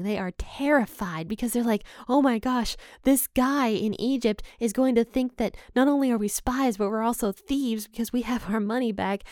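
A woman teaching a Bible study, retelling the story in a casual, lively way and acting out the characters' panic, often amused. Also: medium pitch, no echo, clean studio sound.

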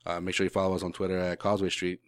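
A man co-hosting a sports podcast, talking in a rambling, animated way, swearing and restarting his sentences. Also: low voice, rapid-fire, clear, resonant tone, dry recording, studio quality. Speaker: podcast co-host. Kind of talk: casual sports podcast chat.

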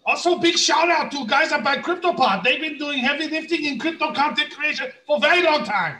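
A man's voice: animated, brisk, echoey room, heavily acted. A man voicing a blunt, bossy figure in broken English. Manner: broken English, loud and high.

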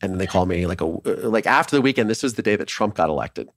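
A man from Ohio, a documentary filmmaker, telling his story in a casual interview in an animated way, swearing freely and acting out what others said. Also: fairly low pitch, rapid-fire, no echo, clean studio sound.

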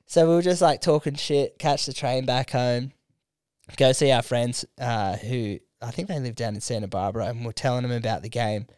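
Young Aussie bloke, relaxed sweary storyteller, clean resonant tone, close dry mic. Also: male voice, mid-range voice, normal speed, clean tone, no room sound. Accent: Australian. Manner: laid-back storyteller, swears freely, lots of "like". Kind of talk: casual podcast chat.

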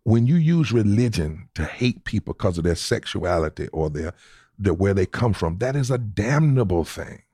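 Deep-voiced preacher man, dry close sound. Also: big pitch swings, normal speed, warm tone, husky, dry recording. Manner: preacherly, cites scripture, emphatic repetitions. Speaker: guest preacher. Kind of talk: conversational interview answers.

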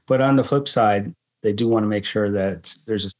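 A man's voice: fairly low pitch, moderate pace, dull audio. A man in his fifties, a guest in casual conversation, talking thoughtfully with many restarts.

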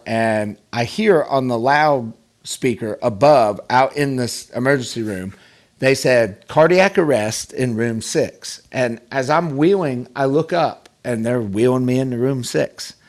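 A man tells a personal story as a podcast guest, his voice mid-pitched and lively. He restarts sentences often and acts out quoted voices. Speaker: podcast guest, pro golfer. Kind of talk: casual storytelling.

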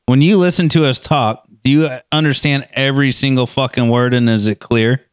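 A man's voice: mid-range voice, steady tone, brisk, clear, resonant tone, no echo, clean studio sound. A man co-hosting a podcast in casual chat, trading joking, profane banter. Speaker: podcast co-host.

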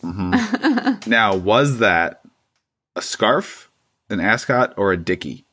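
Lower-voiced guy rambling on a podcast, swears, cracks jokes. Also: huge pitch swings, slow, pushed and bright. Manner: laughing, swears, rambling explanations. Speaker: podcast co-host. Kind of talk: casual chat.

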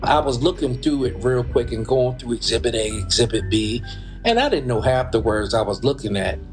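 A man's voice: mid-range voice, animated, moderate pace, soft background music. A man recalling events in a plainspoken, conversational way as an interviewee. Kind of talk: casual recollection.

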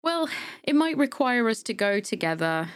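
A woman with a fairly high, very animated voice co-hosts a podcast, speaking at normal speed with a clean tone. She chats casually and rambles, using lots of fillers and restarts.

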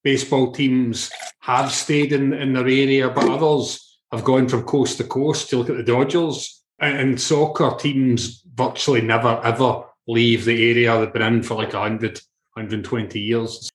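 A man, co-hosting a sports podcast in a relaxed chatty way. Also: medium pitch, normal speed. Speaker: podcast co-host. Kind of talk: casual chat. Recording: roomy echo.

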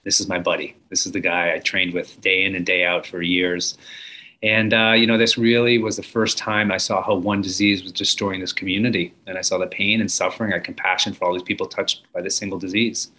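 A man's voice: deep voice, little pitch movement, brisk, bright, forceful tone. A man in his forties, a guest telling his story in an earnest, reflective way with some fillers. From United States. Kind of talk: conversational storytelling.

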